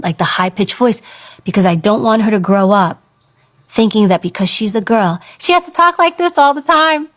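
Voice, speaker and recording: A woman in her thirties giving an earnest motivational talk about owning your voice, slowing down to stress her points. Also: medium pitch. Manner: earnest, coaching, stretches words for emphasis. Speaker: speaker on confidence and voice.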